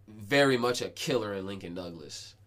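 A man in his twenties hosting a podcast, telling stories in casual, slangy talk full of swearing and quick restarts. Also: fairly low pitch, lively intonation, fairly bright tone. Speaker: podcast host. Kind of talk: casual chat.

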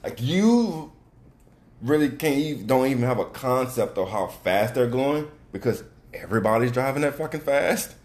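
A man telling stories in casual podcast chat, animated, slangy and profane. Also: medium pitch, normal speed. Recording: roomy with faint noise.

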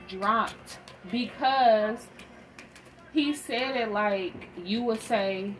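A parenting vlogger with a fairly high-pitched voice tells a candid story slowly, in a blunt, emphatic monologue about parenting. Soft music plays underneath, the recording is rough, and steady background noise is audible.

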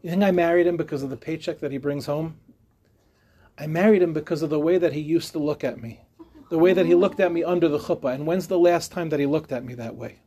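A man voicing a hurt wife, quiet, pointed questions, high voice. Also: fast, natural voice. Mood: reproachful. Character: hurt wife confronting a rabbi.

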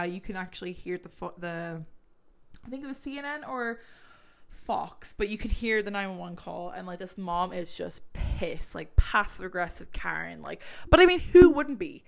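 A woman's voice: fairly low pitch, gravelly, a bit bright. A woman casually retelling a true crime case, chatty and full of fillers, swearing when she gets worked up.

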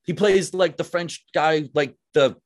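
A man's voice: on the high side, measured pace. A young adult man hosting a podcast, chatting casually and swearing freely, saying "dude" and "like" a lot. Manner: animated, swears freely, says "dude" and "like" often. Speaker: podcast host. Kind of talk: casual chat.

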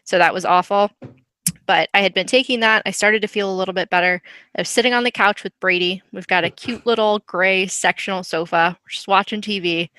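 Woman podcast co-host, bright tone, dry close sound; frank, giggly storyteller. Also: medium pitch, clean tone, no room sound. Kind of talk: casual chat, comic storytelling.

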